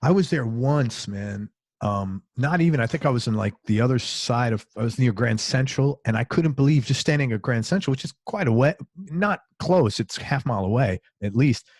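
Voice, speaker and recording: A man's voice: medium pitch, expressive, moderate pace, hardly any pauses, a little mellow, no room sound, clean studio sound. A man interviewing a guest in loose, chatty talk, often saying "man". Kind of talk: casual interview chat.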